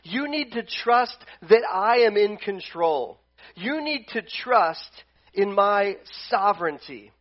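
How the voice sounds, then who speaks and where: A man preaching as he voices God, who calmly insists on his plan and control, speaking slowly and firmly. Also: sits high, muffled recording, full character voice. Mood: firm reassuring. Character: God speaking, calm reassuring male sovereign.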